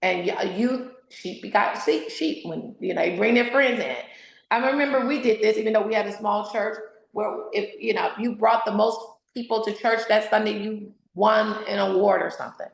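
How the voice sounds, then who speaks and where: A woman's voice: medium pitch, normal speed, gravelly, roomy sound, rough recording. A woman author and speaker giving an interview, exhorting in an emphatic, sermon-like way. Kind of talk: candid interview, preacherly.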